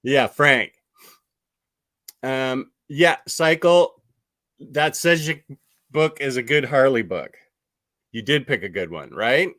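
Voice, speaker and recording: A man hosting a casual chat with a guest, laid-back and chuckling, with many fillers and pauses. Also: mid-range voice, a bit bright. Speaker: host.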